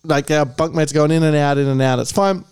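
A man's voice: on the high side, fairly quick, a little mellow, clean tone, no echo. A man co-hosting a podcast, telling a rambling, sweary story in casual chat. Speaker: podcast co-host.

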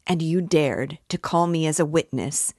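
Woman doing an indignant young man, hot and insistent, raised and loud, dry close sound. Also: a little high, unhurried, breathy edge, no echo. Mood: indignant, heated. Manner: heated, insistent, repeating himself. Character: earnest angry young man, short-sighted, righteous.

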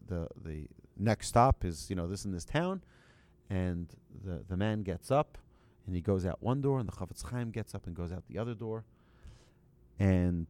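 With a fairly low, mellow voice and no room sound, a man acting as a religious teacher tells a story to an audience. He speaks conversationally and haltingly, restarting and making light asides to those listening.

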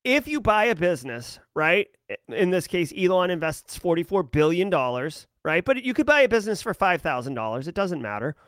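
A man's voice: high-pitched, big pitch swings, brisk, fairly bright tone, no echo, clean studio sound. A man hosting a tech news show, ranting emphatically and sarcastically about a data breach and business decisions.

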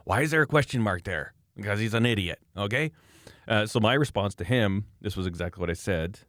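A low-voiced man from Canada rants on a casual podcast, animated and scornful as he mocks his critics. His voice is recorded close and dry, with no room sound. He talks like a knife maker swapping stories. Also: brisk, no echo. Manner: animated, mocking, ranting.

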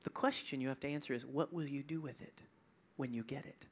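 A man preaches a sermon in a conversational, animated way. He builds to emphatic, loud peaks, then drops to hushed, nearly whispered lines, with chuckles and quick asides along the way. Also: mid-range voice. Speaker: pastor.

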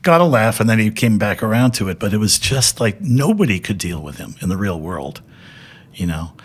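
A husky, fairly low man's voice moves at a moderate pace. The speaker, an older television director appearing as a guest, tells casual stories loosely, with many fillers and restarts and frequent laughter.

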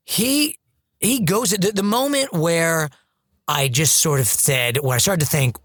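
A podcast host chatting excitedly about a film. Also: medium pitch, measured pace, husky, no echo, studio quality. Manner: excited, animated. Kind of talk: casual film chat.

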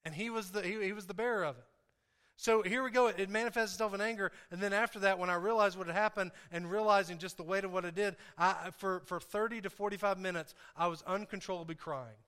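A man's voice: high-pitched, steady tone, fast talker, a bit bright, clean tone. A pastor preaching a sermon, earnest and confessional, who repeats his key phrases for emphasis and speaks straight to his congregation.

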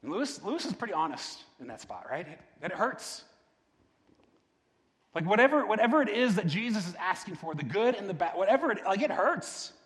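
Conversational pastor in an echoing hall. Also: male voice, sits high, sing-song, a little fast, a bit bright. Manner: conversational, repeats "right?", restarts words. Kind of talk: sermon. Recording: long reverb of a large hall.

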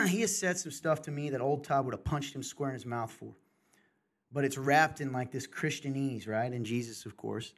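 A man's voice: mid-range voice, normal speed. A middle-aged man hosting a podcast, talking candidly and passionately in casual chat, in bursts and restarts. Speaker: podcast host.

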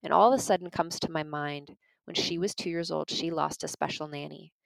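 A woman with a low, creaky voice teaches informally about parenting and emotions, speaking briskly in a steady tone. She tells earnest stories and talks directly to "you guys." The recording is low quality but has no room sound.

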